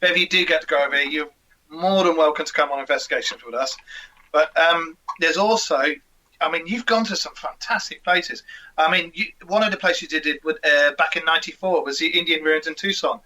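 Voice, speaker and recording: A man's voice: a little high, brisk, sharp tone, poor audio. A man hosting an interview, chatting casually with lots of asides. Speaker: host.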